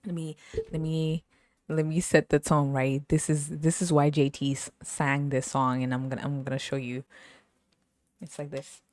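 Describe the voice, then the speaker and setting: A woman hosting a podcast, telling stories in an animated, casual way and laughing often. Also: low voice, moderate pace, no echo, studio quality. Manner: animated storytelling, laughs often, sings snippets. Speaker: podcast host. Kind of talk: casual chat.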